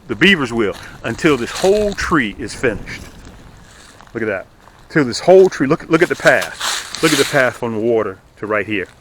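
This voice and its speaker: A man hosting his fishing channel outdoors on a lake, pointing things out and pitching his own lures, sometimes dropping to a near-whisper. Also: slight background noise. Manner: animated, repeats "look at that", drops to near-whisper at times. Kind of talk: outdoor vlog with product pitch.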